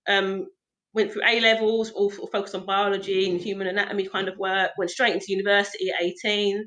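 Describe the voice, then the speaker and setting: Bright-voiced laughing woman. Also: medium pitch, level tone, quick pace. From South London. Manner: chatty and jokey, laughs often. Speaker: football physio guest. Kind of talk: casual podcast chat.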